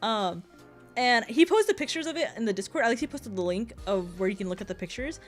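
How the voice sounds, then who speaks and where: Young woman VTuber, rapid rambling chat, giggly, slightly high voice, faint music under. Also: lively intonation. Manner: fast, rambling, giggly, lots of filler. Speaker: VTuber streamer. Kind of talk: casual chat stream.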